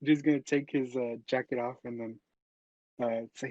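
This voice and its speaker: A man's voice: medium pitch, steady tone, normal speed, a little mellow, no room sound. A man playing a tabletop game, speaking casually and a little hesitantly. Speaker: player. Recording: dull, muffled lo-fi mic.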